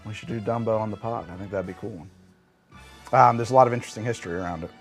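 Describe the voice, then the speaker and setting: A man's voice: on the low side, racing, soft background music. A man chatting casually on a live stream, rambling, swearing freely and thinking aloud as he answers chat.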